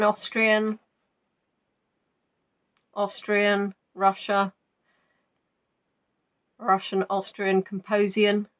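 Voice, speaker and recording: A woman's voice: medium pitch, fairly bright tone. A woman hosting a live quiz, reading out viewers' answers in a chatty, playful way and musing between questions. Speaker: quiz host.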